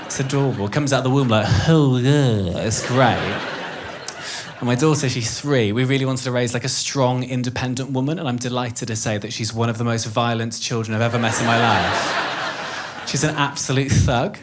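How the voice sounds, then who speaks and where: A man's voice: mid-range voice, fairly even intonation, a little fast. A man in his thirties with a Welsh accent doing a stand-up set, chatty and swearing, working the crowd from a club stage. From Wales. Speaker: stand-up comedian. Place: comedy club stage with live audience. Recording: live club recording with audience noise.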